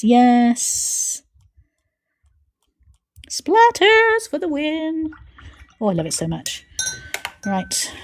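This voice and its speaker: A woman's voice: fairly low pitch, warm tone. Chatty woman painting live. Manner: chatty, talks to herself while painting, playful. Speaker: art channel host.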